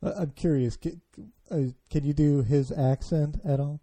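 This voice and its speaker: Mellow-voiced American host, halting. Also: male voice, fairly high pitch, fairly even intonation. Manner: hesitant, many fillers and restarts, asks questions. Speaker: podcast host. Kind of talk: casual chat.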